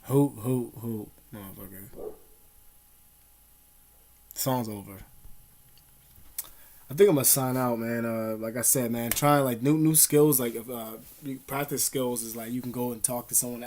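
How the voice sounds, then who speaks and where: A young man giving blunt, profane advice to camera at home in casual street slang, calling the listener "dog" and "man". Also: medium pitch. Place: at home, dogs nearby.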